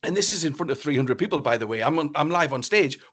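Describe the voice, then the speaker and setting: A middle-aged man, a business speaker, tells a story to an online audience in a lively way and acts out the dialogue with exclamations. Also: on the high side, fast talker, slightly rough.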